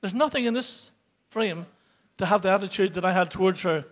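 A man giving an unscripted church testimony, halting and earnest. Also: high voice. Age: 60s. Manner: halting, many restarts and fillers; earnest, grows emotional toward the end.

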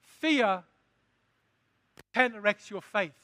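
A man's voice: sits high, animated, drawn-out words, sharp tone, no room sound. A man preaching a sermon, asking the congregation questions and building to emphatic lines. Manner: call-and-response preaching, rising to emphatic.

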